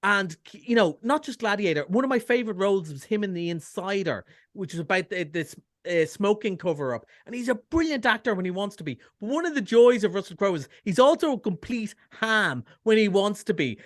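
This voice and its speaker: An Irish man reviewing films on a radio chat show, chatty and enthusiastic with quick jokes and asides. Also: high-pitched, expressive. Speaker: cinema film reviewer. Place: radio studio.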